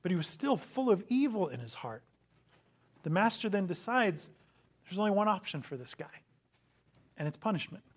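This pastor preaches in a high, sing-song voice at a moderate pace, leaving long pauses. He tells a parable as dramatic storytelling, acting out quotes and throwing in rhetorical questions.

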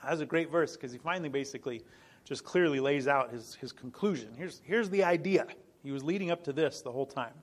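A man's voice: mid-range voice, brisk. A middle-aged man preaching a sermon as pastor, earnest and emphatic, repeating key phrases and breaking into small laughs. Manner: frequent small laughs and restarts.

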